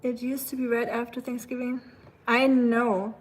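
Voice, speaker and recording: A woman hosting a casual live cooking stream, chatting with viewers in a relaxed way. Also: on the high side, normal speed. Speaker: livestream cooking host.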